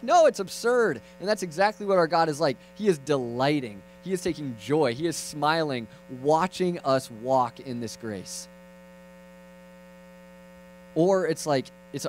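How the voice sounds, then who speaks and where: A young man preaching a lively, conversational sermon that swings from loud to hushed, with playful asides. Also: a little high, a little hiss or hum, low-quality recording.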